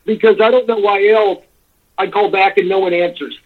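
A man's voice: high voice, steady tone, moderate pace. Exasperated man ranting over a tinny phone. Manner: rambling, exasperated, swears freely. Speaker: caller. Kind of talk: casual phone-in storytelling.

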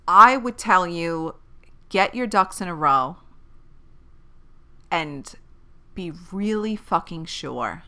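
A young woman hosts a podcast, giving casual advice in a chatty, candid, big-sister way, rambling, correcting herself, and swearing freely. Her voice sits fairly low with lively intonation and a sharp yet smooth tone, and she speaks unhurriedly with frequent pauses.

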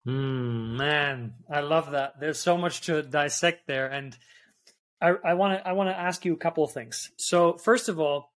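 A man with a fairly high voice hosts a podcast interview. He asks his questions reflectively and works out his thoughts as he goes. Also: a little slow, a bit bright. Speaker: podcast host.

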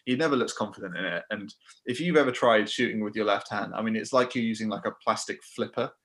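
A man's voice: fairly low pitch, fast talker, a bit bright. A man with an anglicised Australian accent co-hosting a casual sports podcast, chatty and reasoning through his points. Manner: chatty, laughs often, builds reasoned points. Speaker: podcast co-host.

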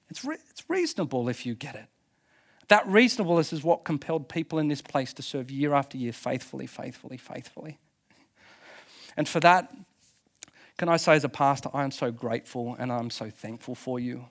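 A man preaching a passionate sermon as pastor at a church service, emphatic, with restarts and laughs. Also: mid-range voice.

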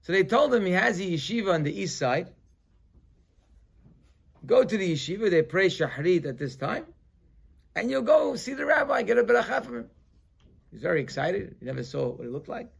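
A rabbi leads his weekly class with a gravelly, slightly high voice. He tells the story in an animated way, rising to loud emphasis and then dropping to quiet asides, and he drops Hebrew terms into his English.

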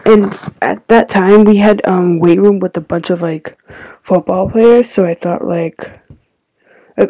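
Low-ish woman rambling on her podcast, lots of likes, dry close sound. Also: a little slow, warm tone, no room sound, poor audio. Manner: rambling, heavy use of "like" fillers; drops to a near-whisper at times. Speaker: podcast host. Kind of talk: casual confessional podcast storytelling.

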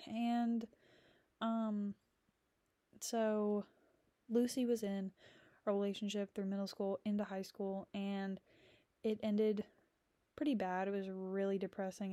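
A woman's voice: mid-range voice, mellow, dry recording. A young adult woman hosting a podcast, talking through friendships in a rambling, candid way, with lots of fillers and blunt swearing. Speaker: podcast host. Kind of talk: candid casual monologue.

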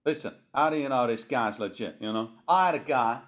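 A man's voice: mid-range voice, fairly quick, fairly bright tone, natural voice. A man playing a brash, boastful car salesman in a prank call, talking with cocky wheeler-dealer patter. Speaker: prank caller.

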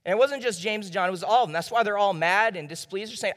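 A young man with a Southern US accent preaching a sermon as pastor, acting out the disciples' lines in quick bits of dialogue. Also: high-pitched, fairly bright tone. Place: church hall. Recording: long church hall reverb.

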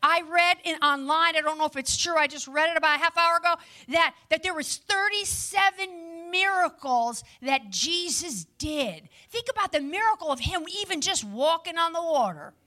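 A woman preaching a lively sermon to a live audience, with chatty asides to the listeners. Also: extremely high pitch, normal speed, few pauses.

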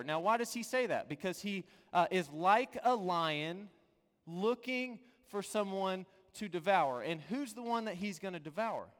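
A man preaching a sermon as a pastor, earnest and pleading, dropping from loud to hushed. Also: high voice, animated, moderate pace, long reverb tail.

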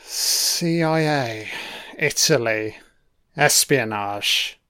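A man talks over a film in a laid-back, unhurried way, dropping frequent swear words between his remarks. His voice is smooth and clear, sitting at an ordinary middle pitch. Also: expressive, pushed and bright. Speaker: film commentary host. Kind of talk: casual audio commentary over a film.

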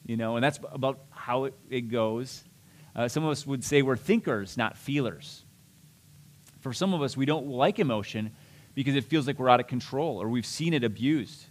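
A man's voice: mid-range voice, normal speed. A middle-aged man preaching a sermon as a pastor, conversational and self-deprecating, with restarts and asides.

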